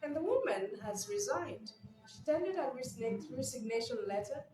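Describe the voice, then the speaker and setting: A woman from Nigeria giving casual vlog commentary, animated and incredulous, laughing often. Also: fairly high pitch, moderate pace. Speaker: news commentator. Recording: echoey room with background music.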